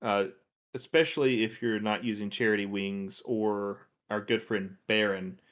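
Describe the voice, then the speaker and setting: A man co-hosting a casual gaming podcast, talking in a relaxed, thoughtful way with many fillers. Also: fairly low pitch, unhurried. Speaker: podcast co-host.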